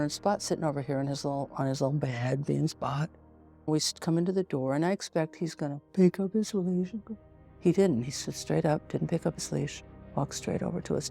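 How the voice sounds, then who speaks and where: A woman's voice: deep voice, creaky, warm tone. A woman in her sixties, a pediatrician guest on a podcast, telling vivid stories and acting out what people said. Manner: vivid anecdotal storytelling, acting out quotes. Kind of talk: storytelling in a podcast interview.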